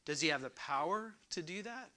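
Male pastor, sermon, high voice, rhetorical questions, repeats words for emphasis. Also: expressive, normal speed, pushed and bright.

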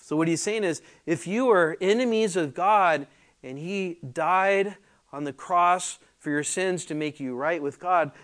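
A man preaching a sermon, teaching through a Bible passage with conversational asides and fillers, growing louder and more emphatic when reading verses aloud. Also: a little high. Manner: slow and deliberate, rising loudly when reading scripture aloud. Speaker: pastor.

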